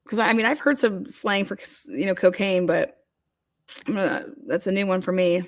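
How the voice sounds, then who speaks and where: A woman's voice: mid-range voice, normal speed. A woman hosting a casual livestream chat, talking loosely with many fillers and restarts as she reads comments. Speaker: host.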